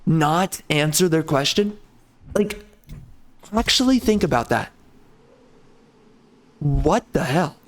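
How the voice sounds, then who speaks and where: Ranting, stammering man gaming host. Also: high voice. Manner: angry, profane, stammering repetitions. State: agitated, seething. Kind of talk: ranting commentary over gameplay.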